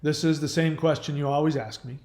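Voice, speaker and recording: Guy doing a casual q&a stream, earnest and a bit rambly, voice sits kinda high, roomy echo. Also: fairly even intonation, a little fast, darkish tone. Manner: earnest, rambling, fillers and restarts. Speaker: host answering viewer questions. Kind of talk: casual livestream Q&A.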